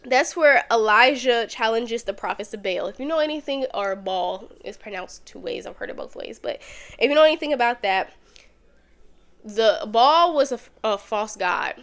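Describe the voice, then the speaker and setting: A woman hosting a podcast, teaching a Bible lesson in a casual, conversational way with lively storytelling. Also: a little high, normal speed.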